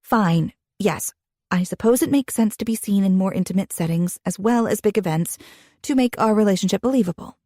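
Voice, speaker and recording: A young woman reading a first-person romance audiobook in an expressive, intimate way, with a husky voice. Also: mid-range voice, brisk, no room sound, studio quality. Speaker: audiobook narrator.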